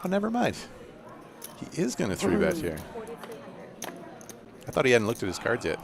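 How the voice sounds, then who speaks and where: A man's voice: mid-range voice, very animated, a little fast, creaky, crowd noise. A man doing live poker commentary with playful, joking asides.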